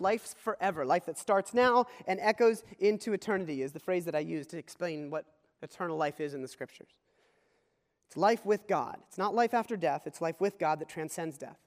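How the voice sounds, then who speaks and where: A man's voice: high voice, in a large hall. A man preaching a conversational sermon as pastor, often repeating key phrases.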